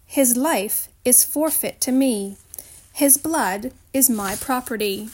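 A woman's voice: a little high, takes it slowly, a little mellow. A woman reading aloud, voicing a cruel witch queen in an icy, demanding, scornful way. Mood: menacing.

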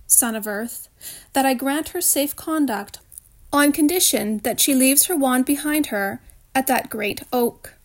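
A woman reading aloud, voicing a commanding male lion king in a calm, solemn, measured way. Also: high voice.

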